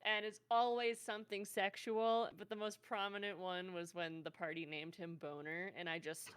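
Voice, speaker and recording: A woman's voice: medium pitch, little pitch movement, normal speed, smooth. A woman guest on a podcast, chatting casually and laughing often as she tells stories. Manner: giggly, storytelling, laughs often. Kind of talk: casual chat.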